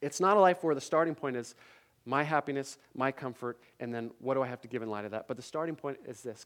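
A man's voice: mid-range voice, fast, a bit bright. A male pastor preaching a sermon at a church service, emphatic, with repeated phrases and rhetorical questions to the congregation.

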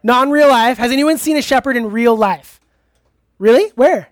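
Casual youth pastor, chatty preacher, mid-pitched voice, quizzes the crowd, dry close sound. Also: normal speed, no echo. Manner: casual, chatty, asks the audience questions; laughs easily, uses many fillers. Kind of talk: interactive sermon. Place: church hall with a live audience.

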